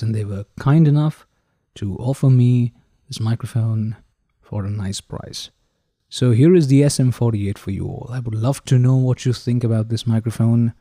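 A man hosting a podcast and testing microphones close up, with a showy manner that keeps addressing the ladies and gentlemen. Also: mid-range voice, no room sound. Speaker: podcast host. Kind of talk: casual microphone review talk. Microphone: handheld dynamic mic held close.

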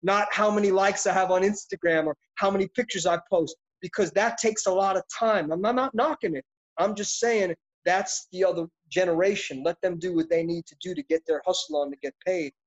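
The guest is a middle-aged actor in an interview, reflecting passionately and intensely as he rambles. His high voice moves a little fast. The sound quality is dull and lo-fi.

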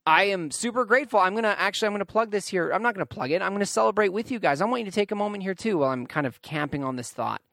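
An earnest man with a fairly high voice hosts his own podcast, speaking reflectively and stretching words for weight. The sound is dry and close. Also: lively intonation, gravelly, a bit bright, no echo. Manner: earnest, reflective, drawn-out emphasis. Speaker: podcast host. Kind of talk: casual solo podcast talk.

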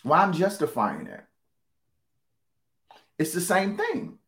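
A man's voice: high voice, wildly swooping pitch, takes it slowly, a bit bright. A man preaching a conversational sermon, repeating key phrases for emphasis and reading scripture aloud.

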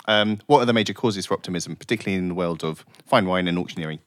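A man's voice: sits low, rapid-fire, fairly bright tone, no echo, studio quality. A man hosting a podcast interview, chatty and laughing along with his guest. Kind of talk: casual interview chat.

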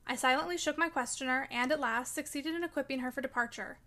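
A woman reading a classic novel aloud in a measured, clear and expressive storybook narration. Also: high-pitched. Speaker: audiobook reader.

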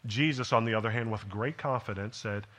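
A man's voice: lowish voice, brisk, fairly bright tone. A man, a pastor, preaching a sermon in a conversational way, tossing questions at the listeners and building to an emphatic delivery. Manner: conversational preaching with rhetorical check-ins.

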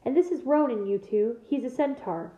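A woman reading aloud, voicing a big, blunt male gamekeeper who talks in a rough dialect. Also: a little high, normal speed, mellow, lightly acted. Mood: gruff. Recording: echoey room, tinny phone-like sound.

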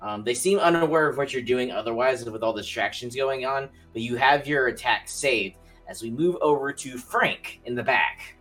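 A man's voice: mid-range voice, normal speed, hardly any pauses, a bit bright. Man game master, laid-back narration, filler-heavy, faint music underneath. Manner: casual, swears, many "like" fillers.

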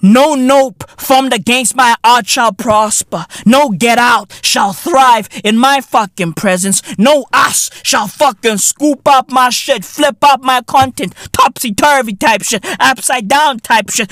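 A man's voice: very high voice, animated, slow pace, few pauses, a bit bright, no room sound, studio quality. A man hosting a podcast in a comedic rant, profane and boastful, full of slang and laughing at his own jokes. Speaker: podcast host.

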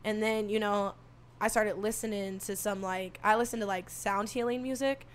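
A soft-spoken young woman telling a story in casual talk, animated and profane, acting out what people said. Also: mid-range voice, normal speed, slight background noise. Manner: animated, swearing, acts out quotes.

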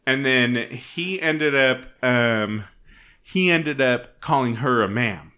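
A man telling a story in casual chat, expressive and playful. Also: mid-range voice, slow pace.

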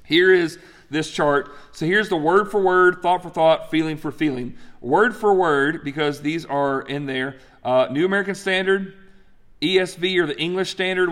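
A man preaching a teaching sermon, emphatic and animated, often stopping to restart a phrase or add "right?" His voice sits a little high for a man and rings with the long reverb of a big hall. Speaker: pastor.

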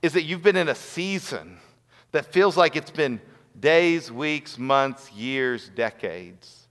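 A man's voice: on the high side, lively intonation, takes it slowly, fairly bright tone. A man giving a sermon as a pastor, earnest and storytelling. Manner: earnest, storytelling with acted quotes. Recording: long hall reverb.

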